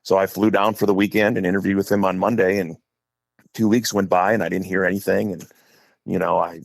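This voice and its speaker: A middle-aged high school head football coach from Wisconsin, guesting on a podcast, tells long, chatty stories in a low, gravelly voice, slipping into voices for the people in them. His tone is level and his pace a little fast. The sound is close and dry.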